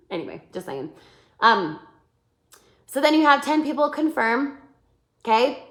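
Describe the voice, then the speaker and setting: A woman coaching her sales team in a live webinar, animated, acting out sample messages and often checking that her listeners follow. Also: high-pitched, measured pace. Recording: roomy echo.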